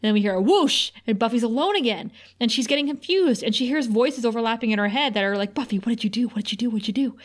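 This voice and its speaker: A woman's voice: fairly high pitch, fast talker, few pauses. A woman co-hosting a podcast, casually recapping TV scenes with quoted lines and frequent laughter. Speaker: podcast co-host.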